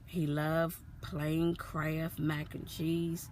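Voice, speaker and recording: In a personal vlog with slight background noise, a woman speaks very slowly in a low, monotone, darkish voice about her son. As a mother, she retells his story earnestly and emotionally, going over the same points again and again.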